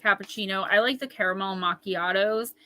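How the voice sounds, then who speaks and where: Speaking a little fast in a sharp, mid-range voice, this tarot-reading host is captured on a rough recording. She runs a live card-reading stream, addressing viewers directly in a chatty, emphatic manner while reading their comments aloud and riffing on them.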